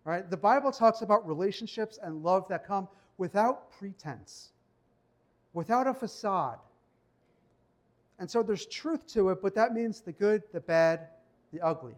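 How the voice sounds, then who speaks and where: A man with a high-pitched voice preaching a sermon in a church. He keeps it conversational and personal, and he slows his pace when reading Bible verses aloud. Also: lively intonation. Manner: conversational preaching, reads scripture slowly. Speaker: pastor.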